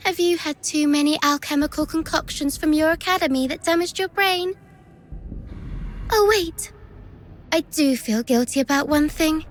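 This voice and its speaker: High-voiced, unhurried game villainess who taunts her captives with sing-song sarcasm. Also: a little hiss or hum. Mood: mocking. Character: mocking treacherous young woman, gleeful villain. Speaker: game character. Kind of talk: video game voice acting.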